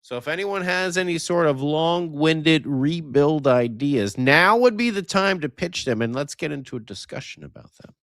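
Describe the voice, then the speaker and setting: A man's voice: on the high side, animated, normal speed, creaky, hardly any pauses, fairly bright tone, no echo, studio quality. A man co-hosting a late-night live sports podcast, joking around and greeting chat viewers by name. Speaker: podcast co-host.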